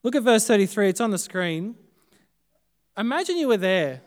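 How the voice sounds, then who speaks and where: An Australian man preaches a Good Friday sermon in a high, smooth, resonant voice. He builds phrases up with emphasis, then lets them fall away almost to a hush. The delivery is dramatic and deliberate. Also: very animated. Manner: dramatic, swinging between loud emphasis and hushed, quiet phrases. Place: church service.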